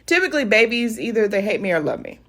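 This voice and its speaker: A young woman with a medium-pitched voice tells a funny personal story straight to her viewers. She is animated and laughs often as she talks. She calls her audience y'all. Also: fast. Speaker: vlogger. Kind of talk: casual storytelling to camera.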